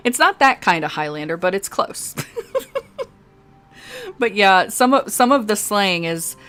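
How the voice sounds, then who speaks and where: A woman's voice: mid-range voice, lively intonation, measured pace, fairly bright tone. A woman streaming a game live, chatting casually and rambling, laughing often. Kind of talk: casual chat over gameplay.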